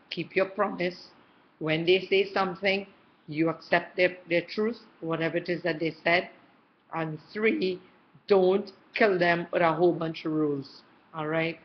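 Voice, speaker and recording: A woman's voice: on the low side, highs cut off. A middle-aged woman giving parenting advice to camera in a casual, chatty way, often checking in with her listener. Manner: warm, chatty, checks in often with "okay" and "all right".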